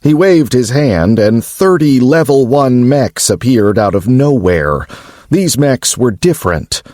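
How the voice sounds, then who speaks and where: A man narrating an audiobook in a measured storytelling manner. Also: mid-range voice, lively intonation, a little mellow, no room sound, clean studio sound.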